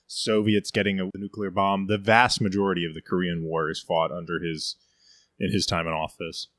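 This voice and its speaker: A man's voice: sits low, level tone, normal speed, a bit bright, dry recording, studio quality. A man co-hosting a casual history podcast, talking loosely and correcting himself as he goes. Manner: rambling, self-correcting, lots of "like" and "I mean". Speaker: podcast co-host.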